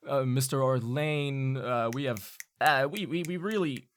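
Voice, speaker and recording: A man voicing a polite, harried male assistant who speaks slowly with strained courtesy. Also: mid-range voice, slight background noise, pitched above the performer's own voice, lightly acted. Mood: pressing. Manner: slow, hesitant, strained politeness.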